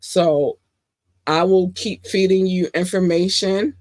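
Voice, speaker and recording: A woman hosting her own podcast in an easygoing solo chat, with a dry, close sound. She gushes and gets excited, her voice leaping high as she talks, then settles back into loose, rambling talk full of fillers. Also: slow pace, dry recording. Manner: gushing, excitable, big pitch swings; chatty with fillers and self-corrections. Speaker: podcast host.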